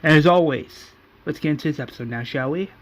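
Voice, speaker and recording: Youtuber guy with a kinda high voice, chill recap, keeps going and then and then. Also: fast talker, highs cut off. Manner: run-on narration chaining events with "and then". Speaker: YouTuber recapping a fan series. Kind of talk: casual episode recap.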